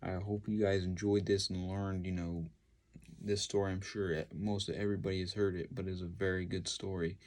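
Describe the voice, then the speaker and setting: A man casually retelling a Bible story with his own commentary, halting and heartfelt, full of "you know" and "uh". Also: sits low, flat delivery, darkish tone. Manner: heartfelt, devotional.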